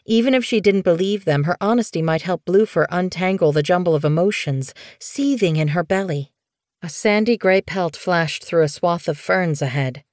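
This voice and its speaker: Reading an audiobook, a woman keeps her fairly low-pitched narration steady and measured. The sound is clean studio audio, completely dry.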